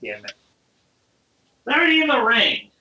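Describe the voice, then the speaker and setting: A man co-hosting a casual watch-along chat, throwing in quick interjections. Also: very high-pitched, huge pitch swings, bright, forceful tone, rough recording. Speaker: podcast co-host.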